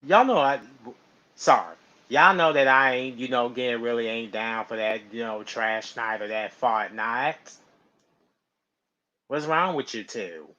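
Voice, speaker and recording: A man's voice: medium pitch, fairly even intonation, moderate pace, pushed and bright. A man chatting casually on a stream, rambling and laughing often. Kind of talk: casual live-stream chat. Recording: slightly dull lo-fi mic.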